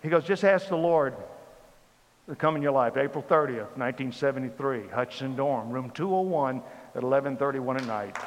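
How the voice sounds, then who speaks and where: An older man preaching a testimony sermon, acting out dialogue and swinging from loud bursts to hushed tones. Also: mid-range voice, lively intonation, a little fast, a little hiss or hum. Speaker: pastor. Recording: long hall reverb.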